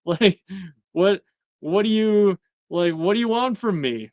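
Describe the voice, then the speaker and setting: A young man chatting casually on a live stream, his voice smooth and clear and a little high for a man. The sound is dry and close, with no room heard, and he keeps laughing and putting on quick voices for characters. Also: dry recording. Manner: animated, laughing, acts out characters' lines. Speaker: host.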